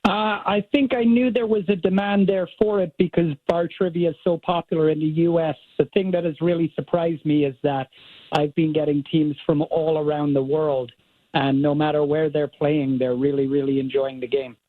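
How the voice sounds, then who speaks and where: A man's voice: on the high side, fairly even intonation, moderate pace, dry recording. A man talking as an interview guest, explaining plainly. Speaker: interview guest, trivia game host. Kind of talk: remote radio interview. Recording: tinny dry phone line.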